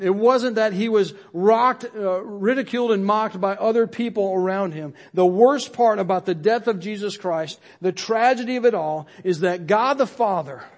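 A man preaching as pastor at a service, earnest and building phrase on phrase, with his voice dropping low at the end of lines. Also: darkish tone. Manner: earnest, repeats phrases for emphasis, drops low at line ends. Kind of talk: sermon.

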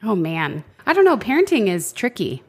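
A woman co-hosting a faith podcast in casual chat, expressive and chatty with a friend. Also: mid-range voice, normal speed, husky. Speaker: podcast co-host.

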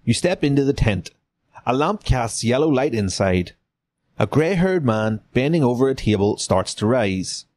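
A man's voice: mid-range voice, sing-song, normal speed, a little mellow, dry recording. A man hosts a podcast and reads a gamebook aloud, page by page. He narrates plainly and breaks off for cheeky, profane jokes between choices. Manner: irreverent, swears in asides. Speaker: podcast host. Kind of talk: reading a gamebook aloud with joking asides.

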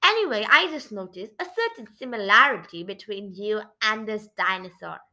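A woman's voice: mid-range voice, expressive, normal speed, bright, forceful tone. A woman reading aloud, voicing a snobbish male rat who speaks with contempt. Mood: sneering. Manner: sneering, contemptuous.

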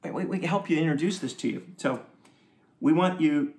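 A man preaching a sermon in a conversational, joking way, with asides and quick laughs. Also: on the high side, a little mellow. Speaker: pastor. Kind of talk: sermon teaching.

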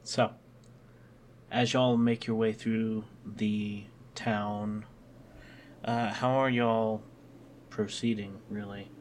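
Unhurried game master man, lowish voice. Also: slight background noise. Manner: relaxed, meandering narration with fillers. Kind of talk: narrating a tabletop game.

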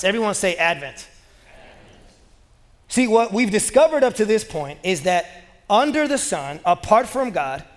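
A male pastor with a high, fairly bright voice delivers a sermon in a church sanctuary, keeping it casual, conversational, and full of jokes. The long reverb of a large hall colors the recording.

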